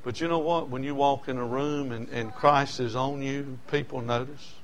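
A man's voice: mid-range voice, steady tone, normal speed. A man preaching a sermon, telling personal stories in a folksy way and building to emotional peaks.

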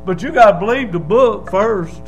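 A preacher with a notably high voice delivers a fiery sermon in a church. He drops into quiet asides, then climbs into loud hollering. Faint music plays behind him. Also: lively intonation, normal speed, low-quality recording. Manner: hollering, swings from low asides to loud shouts. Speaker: Baptist preacher.

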